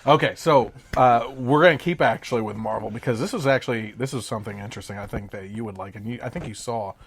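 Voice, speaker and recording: A man's voice: mid-range voice, quick pace. A man hosting a podcast, chatting casually and reading out news items with hesitant fillers. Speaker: podcast host. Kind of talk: casual chat.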